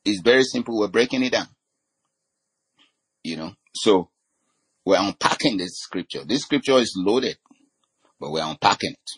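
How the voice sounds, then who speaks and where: A man preaching a teaching sermon, his voice low and a little husky. He strings scripture references together with frequent "you know" fillers. He slows right down to lean on the words that matter. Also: lively intonation. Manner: slows and stresses key words.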